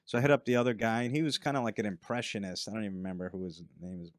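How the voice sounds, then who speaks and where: A man's voice: lowish voice, steady tone, very fast, no echo, clean studio sound. A middle-aged man, a stand-up comedian, telling long rambling anecdotes in a casual chat and acting out other people's lines. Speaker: stand-up comedian, podcast guest.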